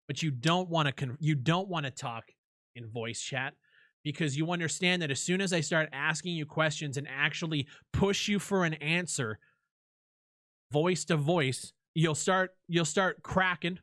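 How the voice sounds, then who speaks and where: Brash, sharp-toned streamer man ranting. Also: on the high side, a little slow, no room sound, clean studio sound. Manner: profane and combative. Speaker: streamer and YouTube host. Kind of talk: heated live-stream rant and argument.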